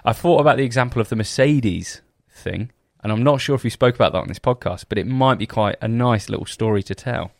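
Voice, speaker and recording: A man's voice: medium pitch, fairly quick, creaky, few pauses, no echo, studio quality. Podcast co-host: young British man, casual and sweary, a bit of grit in the voice. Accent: British English. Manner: swears freely, laughs at his own stories. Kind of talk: casual chat.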